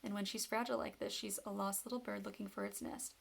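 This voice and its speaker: A woman reading a novel aloud in steady first-person storytelling. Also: medium pitch, quick pace, creaky, breathy edge. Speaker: reader.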